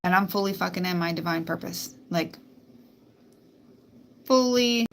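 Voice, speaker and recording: A woman's voice: lowish voice, level tone, fairly quick, vocal fry, fairly bright tone. A woman hosting a spiritual live stream, talking bluntly and emphatically with plenty of swearing. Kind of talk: casual live-stream monologue.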